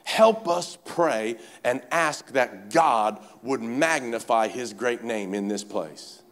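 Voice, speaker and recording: A male pastor preaching a sermon at a church service, fervent and urging, swinging between shouted exhortation and quiet speech. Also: mid-range voice, takes it slowly. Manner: fervent, repeatedly urges the congregation with "come on".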